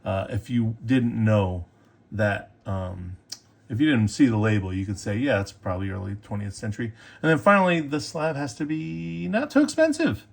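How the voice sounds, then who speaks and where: A middle-aged man talks casually about the cards in his collection, chatty and upbeat. His voice sits at an ordinary middle pitch, and he keeps breaking in with little fillers and self-corrections. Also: creaky. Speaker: sports card collector and video host.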